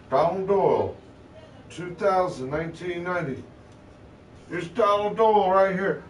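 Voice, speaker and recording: A man with a slightly raised voice drags out a slow, profane, rambling rant, cursing at every turn. His thoughts wander and jump. A faint background hum sits under him. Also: high voice. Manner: cursing constantly, disjointed and rambling. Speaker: vlogger.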